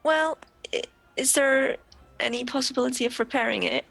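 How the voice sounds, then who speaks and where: A woman's voice: sits high, normal speed, gravelly, fairly bright tone. A woman playing in a tabletop game, talking in a hesitant, stammering, giggly way. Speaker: player. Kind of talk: tabletop role-play.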